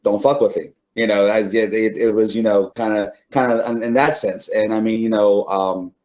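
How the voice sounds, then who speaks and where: A man's voice: lowish voice, level tone, normal speed, darkish tone. A middle-aged man, an interview guest, telling stories casually with many fillers and restarts, laughing now and then. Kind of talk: casual storytelling.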